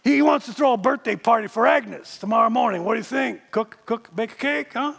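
A man doing a gruff, loud diner owner. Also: very high-pitched, fairly quick, long reverb tail, pitched above the performer's own voice, exaggerated voice. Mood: eager. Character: gruff middle-aged male diner owner.

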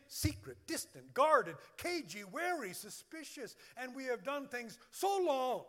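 Male pastor, high animated voice, emphatic sermon delivery, echoey hall. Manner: emphatic, lists words one by one. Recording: long hall reverb.

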